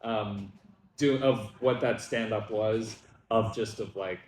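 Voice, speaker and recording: A young man, a comedian guest, chatting casually with many fillers and animated retelling. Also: on the low side, slow, slight background noise. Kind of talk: casual brunch chat. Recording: echoey room.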